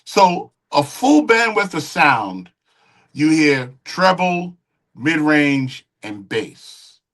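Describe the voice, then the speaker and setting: A middle-aged man, a music engineer and guest, casually telling studio stories in an animated way and acting out the quoted dialogue. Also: a little high, very slow. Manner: animated storyteller who acts out quoted dialogue. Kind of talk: casual interview storytelling.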